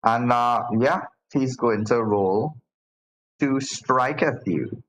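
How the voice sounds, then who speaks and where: A man's voice: medium pitch, slow pace, a bit bright, rough recording. A man acting as game master, narrating a tabletop game in a casual way with many fillers and restarts.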